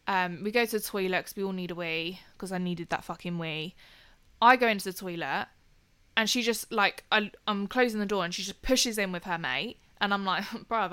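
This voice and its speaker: Bright young woman spilling a night-out story, swears a lot, laughs a lot. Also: medium pitch, fairly quick, clean tone. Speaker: podcast co-host telling a story. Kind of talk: casual chat.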